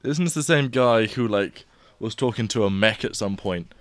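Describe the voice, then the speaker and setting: A man's voice: on the low side, moderate pace, no room sound, studio quality. A man co-hosting a podcast, telling stories in loose casual chat and swearing freely. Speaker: podcast co-host.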